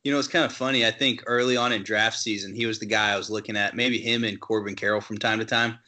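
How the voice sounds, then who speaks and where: A man hosting a podcast, chatting in a relaxed way with fillers and handing over to his co-hosts. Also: fairly low pitch, quick pace. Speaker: podcast host. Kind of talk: casual podcast chat.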